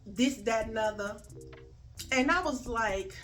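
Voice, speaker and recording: A woman telling a story in a casual vlog, acting out the dialogue with big swings in pitch and loudness, and swearing freely. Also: slow. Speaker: storyteller vlogger. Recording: faint music in the background.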